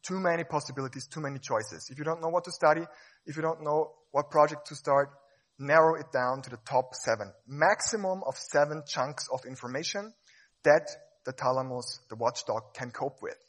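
A man giving a lively, playful stage talk, acting out examples as he explains. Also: a little high, normal speed. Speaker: speaker.

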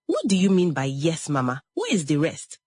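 A woman's voice: sits low, huge pitch swings, normal speed, mellow, slightly rough, no room sound, full character voice. A woman voicing a harsh, cruel middle-aged stepmother who scolds with contempt. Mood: scolding.

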